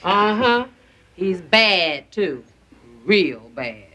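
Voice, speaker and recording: A woman's voice: medium pitch, very animated, very slow, bright, forceful tone, highs cut off, full character voice. An actress playing a middle-aged working mother who worries over her teenage son and talks in a fretful, confiding way.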